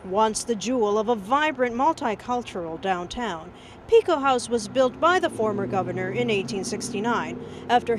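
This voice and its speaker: A woman as a news correspondent, narrating a mock news report in a crisp scripted newsreader delivery. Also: a little high, slight background noise, low-quality recording.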